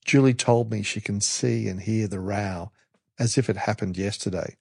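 A man's voice: on the low side, fairly even intonation, normal speed, vocal fry, darkish tone, breathy edge, no echo. A man narrating a true-crime podcast. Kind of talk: scripted narration.

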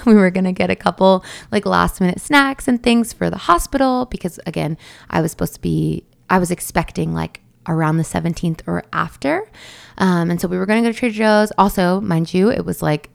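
Chatty young woman with a gravelly voice. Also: lowish voice. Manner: chatty, laughs often, many fillers and asides. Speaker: new mother telling her birth story. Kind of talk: casual storytelling monologue.

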